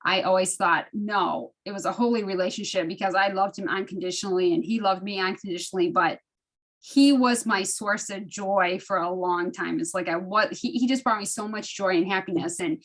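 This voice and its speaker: A woman in her fifties shares personal stories with her study group over a video call. She talks in an animated, emotional way, her voice jumping up as she gets caught up in the telling, and she often starts a sentence over. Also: mid-range voice, fairly quick. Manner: animated, emotional storytelling with frequent restarts. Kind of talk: casual personal sharing.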